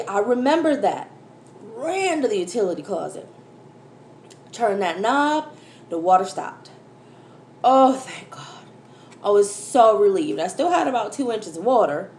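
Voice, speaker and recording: An American woman tells a story in an animated, exclaiming way, calling out to viewers as y'all. Her pitch sits mid-range. The room gives her voice a noticeable echo, with faint background noise. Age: adult, mother of a school-age daughter. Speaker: food vlogger. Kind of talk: casual storytelling while eating.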